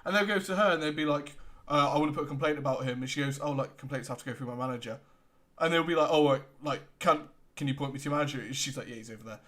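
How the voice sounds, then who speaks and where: A young man with a British accent, co-hosting a casual podcast, relaxed and laughing often as he retells customer exchanges. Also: medium pitch, racing. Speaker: podcast co-host. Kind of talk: casual chat.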